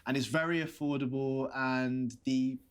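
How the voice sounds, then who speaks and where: For this game role, a London actor portrays the protagonist, a jittery young man stammering awkwardly through a video date. The delivery is unhurried and smooth, with a steady mid-range voice close to everyday speech.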